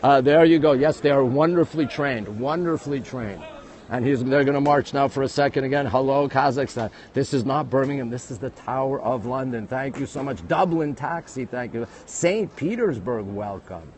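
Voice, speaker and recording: A man with a New York accent, hosting a live walking tour on his phone, talking quickly and greeting viewers all the time. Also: mid-range voice, darkish tone. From United States. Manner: rapid-fire, greeting viewers constantly. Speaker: livestream host. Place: outdoors at a busy historic site. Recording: faint outdoor city noise.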